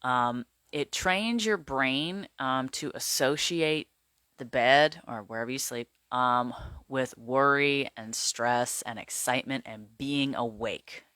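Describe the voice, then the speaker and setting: A man talks straight to camera in a loose, chatty way, leaning on filler words and pausing to check his notes. His voice is bright and clean. The sound is dry and close. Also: mid-range voice, smooth, no echo. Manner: rambling, filler-heavy, chatty; glances at notes while talking. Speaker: wellness vlogger. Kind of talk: casual talk to camera.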